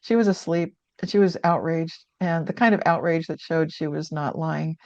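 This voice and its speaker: Older woman, dark lo-fi voice. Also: low voice, moderate pace, no echo. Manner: earnest, reflective, with frequent restarts. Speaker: guest author. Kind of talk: conversational storytelling. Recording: dull lo-fi sound.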